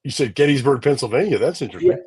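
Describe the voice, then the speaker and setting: A man's voice: medium pitch, expressive, very fast, darkish tone, husky, no room sound. A man co-hosting a podcast, chatting casually and teasing his co-host in playful banter.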